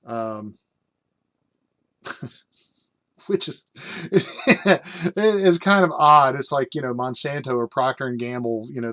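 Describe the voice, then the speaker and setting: A man's voice: medium pitch, takes it slowly, pauses often, a bit bright. Rambling jokey man reviewing a rulebook. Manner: rambling, jokey asides, many fillers. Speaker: tabletop game reviewer. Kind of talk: casual review reading from a rulebook.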